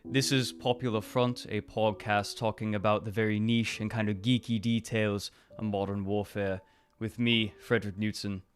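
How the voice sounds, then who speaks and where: A man's voice: fairly low pitch, little pitch movement, moderate pace, close to an everyday voice. A man putting on a hammy British accent to play a groovy, smug 1960s British spy as a joke. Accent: British put-on. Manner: hammy, showy.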